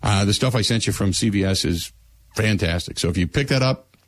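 A man hosts a casual talk show and speaks with earnest emphasis. His voice sits a bit low. The recording is dry, with no room sound. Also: fairly quick, no echo. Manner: emphatic, earnest advice-giving. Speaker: host. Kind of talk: casual chat.

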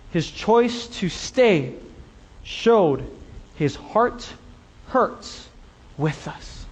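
A man's voice: a little high, darkish tone. A male pastor preaching a passionate sermon and speaking directly to his congregation. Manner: impassioned, addresses the congregation directly. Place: church sanctuary. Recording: long reverb of a large hall.

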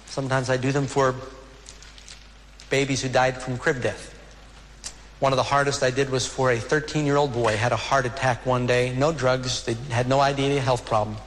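A man preaching a sermon as pastor, earnest, with dramatic slowdowns on key words. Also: medium pitch, a bit bright. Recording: hall reverb with faint ambient noise.

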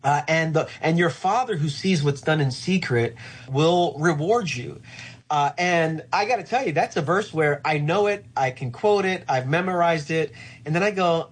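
A middle-aged male pastor talking through faith in an earnest, thoughtful way, slowing down to land his key points. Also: on the high side, husky. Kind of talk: reflective faith conversation.

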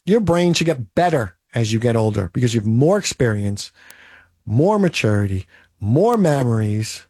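A man's voice: on the high side, a little mellow, husky, no room sound, studio quality. A man in his late forties delivering a blunt, motivational monologue full of rhetorical "right?"s. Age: 40s. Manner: emphatic, blunt and pep-talking, with rhetorical "right?".

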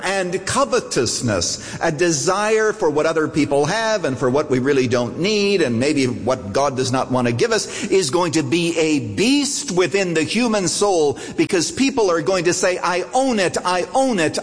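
A man's voice: fairly high pitch, in a large hall. A man preaching a sermon on the radio, emphatic and repeating phrases for effect. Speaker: pastor.

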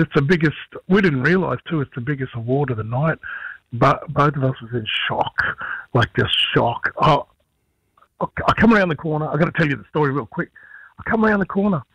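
Husky man telling a story. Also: a little high, no echo, dull audio. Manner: animated storyteller, acts out others' lines. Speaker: musician guest. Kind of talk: storytelling in a radio interview.

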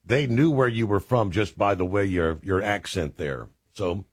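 A man's voice: fairly low pitch, moderate pace, breathy edge, no echo, clean studio sound. A man hosting a call-in radio show who chats easily with callers. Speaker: radio host.

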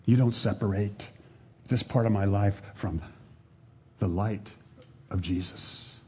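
An older man preaching a sermon, speaking deliberately, repeating his phrases and sinking to a hushed voice to drive a point home. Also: on the low side, a little hiss or hum.

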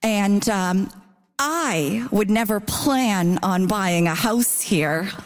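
A woman's voice: medium pitch, drawn-out words. A woman from Ontario bantering as a comedian in a comedic debate on a theatre stage, chatty and teasing. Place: theatre stage before a live audience. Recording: live theatre recording, audience noise.

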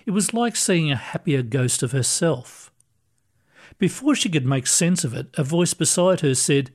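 A man narrating a short story in a calm, measured way. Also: on the high side. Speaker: story reader. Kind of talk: scripted narration.

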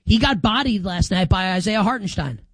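A male sports talk host in full monologue, sarcastic and emphatic, his pitch swinging up and down for effect. The sound is dry and close, with no room around it. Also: lively intonation, normal speed, fairly bright tone, dry recording.

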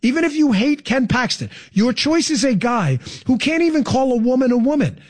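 Brief: incredulous male political talk host, sarcastic, high and swooping delivery. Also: very animated, normal speed. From Florida resident. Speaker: radio talk show host. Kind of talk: political commentary.

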